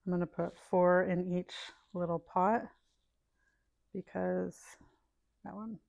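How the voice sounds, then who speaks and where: A middle-aged woman, a gardening vlogger, chats casually at home indoors while planting seeds, thinking aloud and dropping to murmurs as she sorts packets. Her voice is lowish, slow, gravelly and darkish, with little pitch movement. The recording is lo-fi with no echo.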